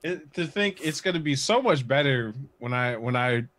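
Brief: young male co-host, mid-pitched, playful teasing in casual sports chat. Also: expressive, normal speed, a bit bright. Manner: teasing, laughing. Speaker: co-host guest. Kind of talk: casual sports talk livestream.

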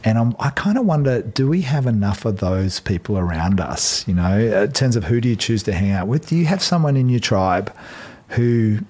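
Husky Australian man in his fifties. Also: lowish voice, expressive, normal speed, hardly any pauses, darkish tone. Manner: reflective, storytelling with frequent ums. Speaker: podcast guest. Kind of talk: casual conversation.

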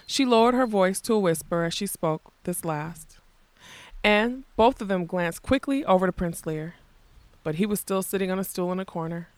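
A woman reads a fantasy storybook aloud in a measured, expressive way. Her voice sits at a middle pitch, and the recording is dry and close. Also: no echo. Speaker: audiobook narrator. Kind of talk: scripted storybook narration.

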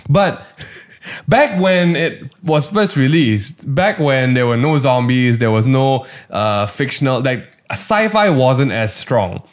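A man chatting casually on a podcast, his pitch swooping up and down as he talks. He rambles and restarts, full of fillers. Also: slow pace, hardly any pauses. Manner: animated, rambling, lots of fillers. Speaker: podcast co-host. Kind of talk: casual chat.

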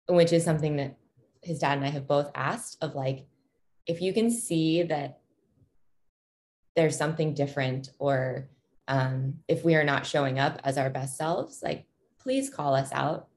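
This woman's voice is deep and darkish; she's in her thirties and shares her experience as a parent. Her talk is casual and reflective, thoughtful but broken up by many ums and false starts.

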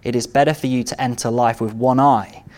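A man's voice: medium pitch, fairly even intonation, fairly quick, a little mellow. A man preaching a sermon in an earnest way, building to emphatic repeated calls. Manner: earnest, rising to emphatic repetition.

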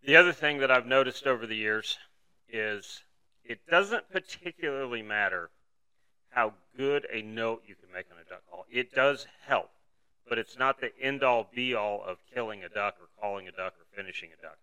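Bright, clear-voiced man explaining patiently. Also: mid-range voice, normal speed, poor audio. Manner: explanatory, conversational, uses everyday analogies. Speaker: podcast host teaching duck calling. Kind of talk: solo instructional podcast talk. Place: indoors, talking to a camera.

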